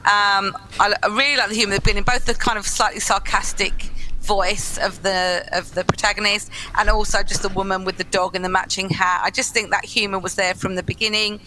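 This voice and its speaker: Bright-voiced woman giving effusive feedback. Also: medium pitch, flat delivery, a little fast, a little hiss or hum, low-quality recording. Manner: effusive, repeats herself, many restarts. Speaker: guest reviewer. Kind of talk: casual critique chat.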